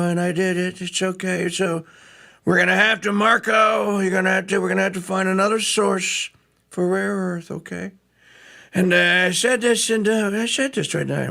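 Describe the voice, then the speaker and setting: A man doing a bragging politician, raised pitch. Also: vocal fry, bright, forceful tone, heavily acted. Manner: rambling, self-congratulating. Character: impression of a boastful male president.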